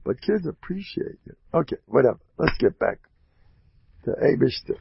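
A man's voice: medium pitch, normal speed, creaky, highs cut off, slight background noise. A man giving an informal, joking Torah talk, acting out quotes. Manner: animated, joking, acts out quotes. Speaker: rebbe and speaker.

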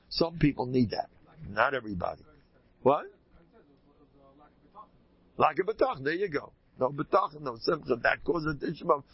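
A man, a rabbi, giving an informal Torah talk to a live audience, animated and folksy, often leaping high in pitch for emphasis. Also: moderate pace, long pauses, slightly rough. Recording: dull lo-fi recording.

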